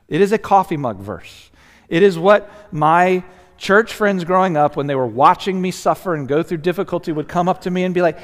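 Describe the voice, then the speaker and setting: Male pastor, slightly high voice, earnest, chatty preaching with soft drops, long hall reverb. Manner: earnest, conversational, with many restarts and sudden soft drops. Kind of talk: sermon.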